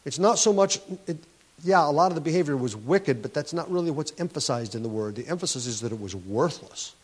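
A man's voice: on the high side, lively intonation, fairly quick, slightly rough. A man preaching a sermon, explaining scripture in an earnest teaching tone, with frequent restarts and words stressed for emphasis. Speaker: pastor.

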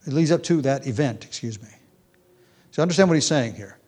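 A man's voice: medium pitch, animated, brisk, darkish tone, husky. A man preaching an expository Bible lesson, explaining step by step with small fillers and restarts, and reading quotations aloud with rising emphasis.

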